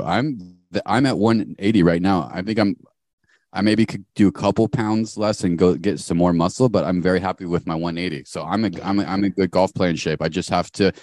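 A man's voice: on the low side, a little mellow, no echo, clean studio sound. A man in his forties hosting a podcast, laid-back and jokey with lots of slang. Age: 40s. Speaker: podcast host. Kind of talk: casual chat.

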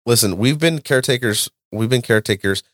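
A man hosting a podcast, ranting and lecturing in a loud, profane, animated way. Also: mid-range voice, a little fast, dry recording, studio quality. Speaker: podcast host. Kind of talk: casual podcast chat.

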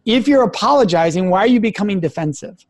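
A man's voice: high-pitched, animated, fast, a little mellow. A man, a guest expert in an interview, talking in an earnest, emphatic way as he gives advice. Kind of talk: interview conversation.

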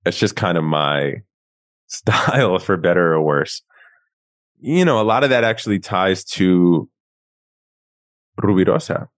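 A man from Queens, a guest author, telling animated, self-mocking stories in a casual interview. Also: deep voice, unhurried, pauses often, dry recording. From Queens, New York.

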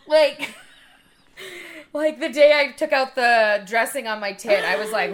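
A young woman with a somewhat high voice tells a story on a casual podcast. She is animated and swears freely as she talks. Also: brisk, background noise. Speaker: podcast co-host.

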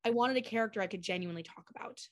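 A young adult woman, a chocolatier being interviewed, tells stories in a casual, animated way, acting out quoted voices and using lots of fillers. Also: medium pitch, rapid-fire. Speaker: guest chocolatier.

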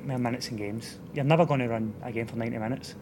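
A man's voice: mid-range voice, fast. A Scottish man, a football manager, talking frankly in a casual interview. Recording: background noise.

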